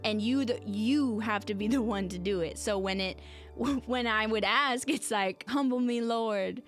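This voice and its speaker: Faint music plays behind this podcast host, whose medium-pitched voice has a fairly bright tone and a slightly slow delivery. In her reflective solo episode, she speaks in an earnest, conversational way and frequently turns to her audience directly.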